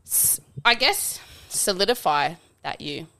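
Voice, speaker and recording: A woman's voice: lowish voice, expressive, slow pace, creaky, sharp tone. A woman reflecting in casual podcast chat, full of "like" fillers.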